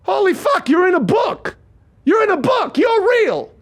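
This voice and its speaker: A man's voice: animated, a little slow, creaky, sharp tone, raised voice, exaggerated voice. A man voicing a rotten female demon goddess who shrieks and claims a fighter as her own. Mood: possessive shrieking. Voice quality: shrill, shrieking.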